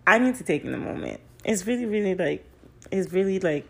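A young woman hosting her own solo podcast, gushing and repeating phrases for emphasis, swinging between excited bursts and soft asides. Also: medium pitch, fairly quick, vocal fry, husky. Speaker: podcast host.

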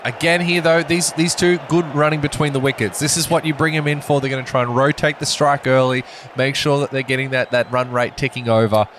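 This man calls cricket in a loose, joking way, full of ums and sudden excitement. His pitch sits in the middle for a man. A faint hum of background noise runs underneath. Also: a little fast. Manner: jokey, excitable, full of fillers. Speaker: comic cricket commentator. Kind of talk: playful sports commentary banter.

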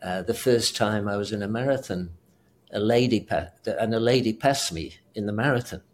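A man's voice: fairly low pitch, moderate pace, a little hiss or hum. An older man with a British accent, a retired doctor rambling and chuckling as an interview guest. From South Africa. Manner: rambling, chuckling, self-correcting. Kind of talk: casual interview chat.

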